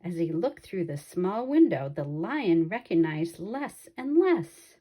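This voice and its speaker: Woman reading a kids' book, slow and lively, kinda low and mellow. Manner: slow and expressive. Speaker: storybook reader. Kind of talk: children's picture book read-aloud.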